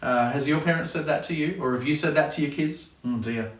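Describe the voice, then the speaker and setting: A man's voice: a little high, fairly quick. A man who leads a kids club, chatting casually to camera with a jokey manner and acting out parents' sayings. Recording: roomy sound from a distant mic.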